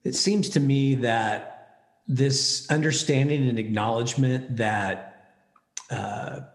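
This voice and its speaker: Older man, reflective, echoey room. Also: medium pitch. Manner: reflective, measured. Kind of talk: casual conversation.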